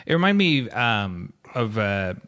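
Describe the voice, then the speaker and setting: A man co-hosting a podcast, chatting casually about a film in a relaxed way, chuckling now and then and thinking aloud. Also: fairly low pitch, a little slow. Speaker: podcast co-host.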